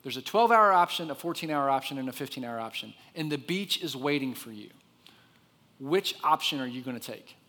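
A man preaching a sermon, telling the story with lively expression and dropping to a hushed voice for the quiet parts. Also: medium pitch, brisk, in a large hall. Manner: expressive storyteller, drops to a soft hush for quiet moments. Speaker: pastor.

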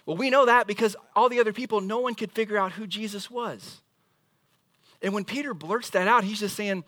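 A male pastor preaching a sermon in a lively, conversational, storytelling way. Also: sits high, moderate pace, dry recording, clean studio sound.

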